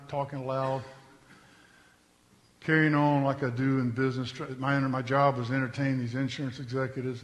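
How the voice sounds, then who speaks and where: A man's voice: mid-range voice, long reverb tail. A man telling his testimony from the pulpit in an earnest, conversational storytelling manner. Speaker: preacher giving his testimony.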